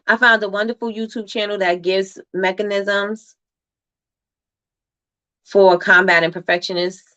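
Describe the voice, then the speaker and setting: A woman's voice: medium pitch, sharp tone, highs cut off. A woman hosting a motivational livestream, talking emphatically, repeating phrases for effect and reading viewer comments aloud. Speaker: livestream host.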